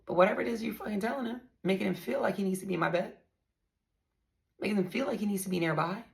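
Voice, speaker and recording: A woman's voice: mid-range voice, quick pace, gravelly. A woman talking casually to her viewers, blunt and profane, telling a story with strong emphasis.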